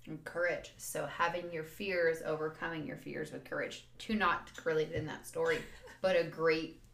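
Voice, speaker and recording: A woman co-hosting a podcast, asking questions in a measured, deliberate way. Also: low voice, level tone, vocal fry, fairly bright tone. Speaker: podcast co-host. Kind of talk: casual podcast chat. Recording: echoey room.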